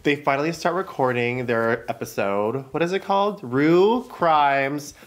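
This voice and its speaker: A woman co-hosting a casual podcast chat, playful with quick asides. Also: low voice. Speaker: podcast co-host.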